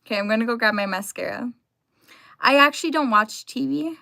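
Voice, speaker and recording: A woman's voice: fairly high pitch, a little fast, gravelly, sharp tone. A young woman live streaming from home, chatting casually and greeting her viewers by name.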